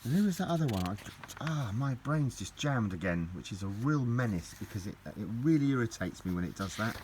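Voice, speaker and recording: With a brisk, animated delivery and a darkish mid-range voice, a middle-aged man vlogs about his collection while opening parcels. His casual talk gushes, wanders, and repeats often, and a slight hiss or hum can be heard.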